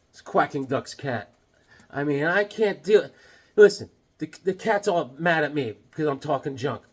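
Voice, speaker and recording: Middle-aged guy, high bouncy voice, jokey and hyped, chatting right at the camera. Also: normal speed, slightly rough. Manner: excitable, joking, talks to the viewer. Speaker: comic collector vlogger. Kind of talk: casual show-and-tell vlog.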